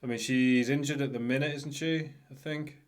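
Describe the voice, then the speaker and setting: A man's voice: mid-range voice, fairly even intonation, moderate pace. Rambling, self-mocking man. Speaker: podcast co-host. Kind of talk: casual chat about wrestling.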